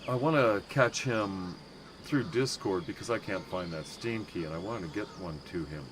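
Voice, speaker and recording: Speaking at a moderate pace in a low voice over background noise, this U.S. livestream host runs a casual gaming session. He rambles and self-interrupts, uses plenty of fillers, and has fun mispronouncing German words.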